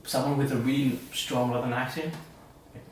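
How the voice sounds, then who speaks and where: A man from India with an Indian accent, co-hosting a casual podcast chat, animated and full of restarts and laughter. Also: mid-range voice, moderate pace, a little hiss or hum. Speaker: podcast co-host. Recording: echoey room, distant mic.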